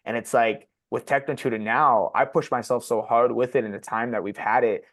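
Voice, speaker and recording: A man's voice: medium pitch, steady tone, brisk, hardly any pauses. Blunt, swearing young man telling his story. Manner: blunt and profane, heavy use of "like". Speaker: podcast guest sharing his story. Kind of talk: candid personal storytelling.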